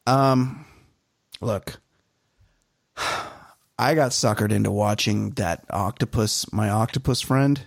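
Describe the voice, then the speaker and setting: A man's voice: lowish voice, slow, vocal fry, pauses often, dry recording, clean studio sound. A man co-hosting a comedy podcast in casual chat, sarcastic and given to profane rants. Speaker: podcast co-host.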